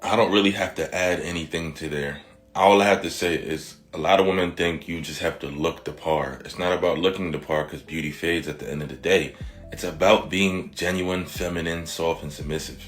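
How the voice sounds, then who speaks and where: A man's voice: deep voice, fairly even intonation, brisk. A man hosting a reaction show, commenting in a blunt, exasperated way. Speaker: reaction channel host.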